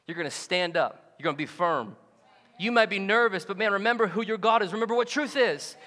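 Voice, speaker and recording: A male pastor preaching a sermon, animated and joking, who often acts out the voices of the people he quotes. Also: high-pitched, moderate pace, big-room sound. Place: church sanctuary.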